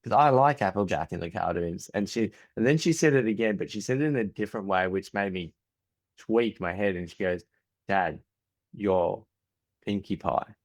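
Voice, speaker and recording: A man in his forties with an Australian accent speaks in a low, deep register. As a podcast guest he tells candid stories, stumbling and restarting mid-sentence, and plays out his family's lines in conversation. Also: lively intonation, brisk. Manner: frequent restarts, acts out family dialogue.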